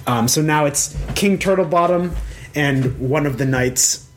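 A man's voice: on the high side, measured pace, slight background noise. A man running a tabletop game as dungeon master, narrating the scene in a loose, rambling way full of fillers and restarts.

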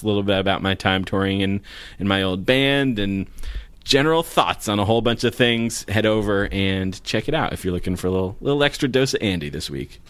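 A man's voice: fairly low pitch, fairly bright tone, clear, resonant tone, no echo. A man co-hosting a casual podcast, upbeat and jokey as he reads out announcements. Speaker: podcast co-host.

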